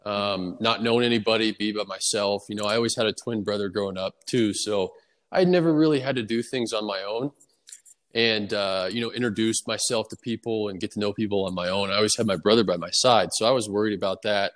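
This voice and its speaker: A young baseball player, appearing as a guest, answers in an unhurried, easygoing way, his storytelling full of fillers and restarts. His voice is fairly low, and a long reverb trails behind it, as though he's in a large, echoing room.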